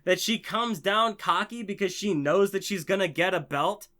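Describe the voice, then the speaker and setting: A man ranting passionately on his own channel, heavily profane and swinging between biting sarcasm and loud, excited enthusiasm. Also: sits high, normal speed. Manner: profane, heated, swings from sarcasm to shouting joy. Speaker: channel host. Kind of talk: impassioned ranting vlog.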